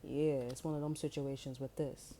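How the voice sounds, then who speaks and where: A woman's voice: very deep voice, level tone, normal speed, mellow, a little hiss or hum. A woman giving a casual tarot reading in loose slangy talk, telling stories and acting out quoted voices along the way. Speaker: tarot reader.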